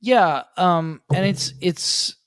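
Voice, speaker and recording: A man's voice: high-pitched, slow, fairly bright tone, smooth, no echo, studio quality. A man co-hosting a sports betting podcast, giving earnest analysis in casual chat with frequent ums. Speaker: podcast co-host.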